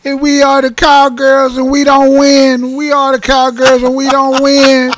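A man's voice: extremely high pitch, completely flat delivery, unhurried, a bit bright, slight background noise, voice pushed up. A man putting on a whiny sobbing fan voice. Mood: mock sobbing. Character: whiny grown man crying over his losing team. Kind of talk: mocking impression on radio.

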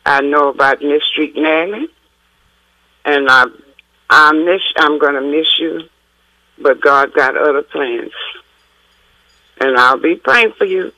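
Woman, radio caller, earnest and prayerful, bright voice, dry sound. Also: low voice, slow, long pauses, no echo, poor audio. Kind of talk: call-in radio talk.

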